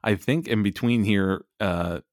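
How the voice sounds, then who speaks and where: Low-voiced man in casual podcast chat. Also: measured pace, a little mellow, no echo, studio quality. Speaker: podcast co-host.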